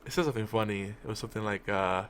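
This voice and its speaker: A man's voice: rapid-fire, a bit bright, clean tone. A man talking casually as a podcast host, recapping a TV episode with lots of restarts and asides. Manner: rambling, with frequent restarts and fillers; talks to his cat in a high cooing voice. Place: home room at a desk.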